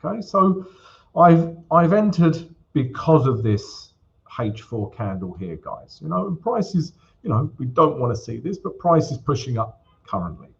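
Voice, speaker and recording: A man's voice: fairly high pitch, sing-song, unhurried, creaky. Chatty man hosting a trading stream, lo-fi. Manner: chatty, keeps calling the audience "guys", many fillers. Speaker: forex trading live-stream host. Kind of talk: casual live-stream chat and chart walkthrough.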